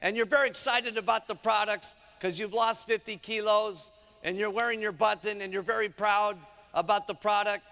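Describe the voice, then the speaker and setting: A man giving a punchy, energetic motivational seminar talk, checking in with the crowd again and again. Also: high voice, moderate pace, hardly any pauses, long reverb tail. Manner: energetic, punchy, keeps asking "okay?". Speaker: motivational speaker.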